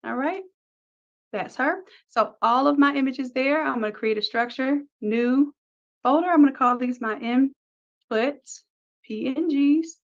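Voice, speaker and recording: A woman leads a screen-recorded design lesson, talking through every click in an upbeat, practical way. Her voice sits a little high. The recording sounds dull and lo-fi. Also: measured pace. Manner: upbeat, talks through each click step by step. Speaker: design instructor. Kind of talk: screen-recorded software tutorial.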